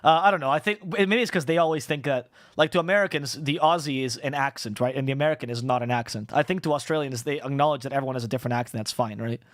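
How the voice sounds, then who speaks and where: A man, an esports caster, chatting on a panel and telling stories in a fast, animated way. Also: mid-range voice, dry recording. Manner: fast, animated storytelling, swears and laughs often. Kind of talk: casual panel chat.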